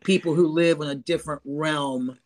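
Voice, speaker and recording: A man's voice: a little high, steady tone, normal speed, slight background noise. A man co-hosting a casual podcast, asking curious questions and joking. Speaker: podcast co-host.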